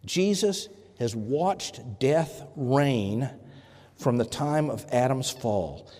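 A man preaching a sermon, earnest and deliberate, pausing often and correcting himself as he goes. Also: medium pitch, lively intonation, a little mellow. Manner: earnest, with pauses and self-corrections. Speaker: pastor. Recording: reverberant hall.

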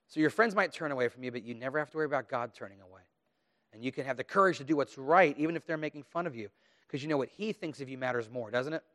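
A pastor giving a children's message and then a sermon, asking his listeners questions and acting out the taunts of children. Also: fairly high pitch. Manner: asks listeners questions, animated quoted taunts.

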